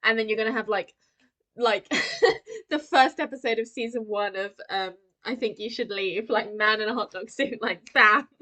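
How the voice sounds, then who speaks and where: Young female co-host, casual film chat, giggly and animated, voice a touch high. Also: normal speed. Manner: bubbly, laughs often, acts out quotes. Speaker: podcast co-host.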